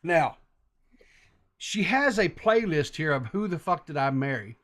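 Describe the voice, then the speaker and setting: A man's voice: fairly high pitch, very animated, a little slow, fairly bright tone. Rambling man recapping a story. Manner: meandering, loose storytelling recap. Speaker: podcast host. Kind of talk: casual podcast chat.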